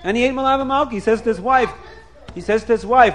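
A man telling a story in a lively, animated way, chuckling often and repeating words as he goes. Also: extremely high pitch, fast.

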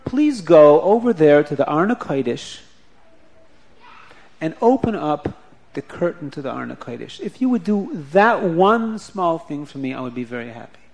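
A man voicing a calm, insistent rabbi who speaks in slow, measured requests. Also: a little high, gravelly. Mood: gently insistent.

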